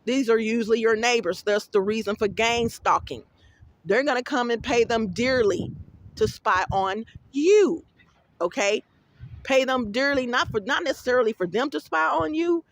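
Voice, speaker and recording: A woman's voice: a little high, moderate pace, dry recording. A woman giving a rambling casual vlog monologue. She tells her stories bluntly and profanely, with plenty of animation. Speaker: vlogger.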